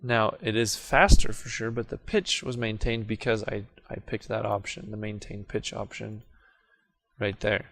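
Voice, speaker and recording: Low-voiced man narrating a software tutorial. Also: moderate pace, vocal fry. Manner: relaxed, self-correcting, talks through clicks as he works. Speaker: video editing tutorial host. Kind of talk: casual screen-recorded software tutorial.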